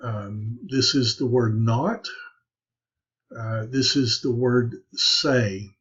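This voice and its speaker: Instructor, male, slow delivery full of fillers, dull lo-fi recording. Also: mid-range voice, steady tone, a bit bright, husky. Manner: halting, many "uh" and "um" fillers. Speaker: Greek instructor. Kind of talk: recorded lecture over slides.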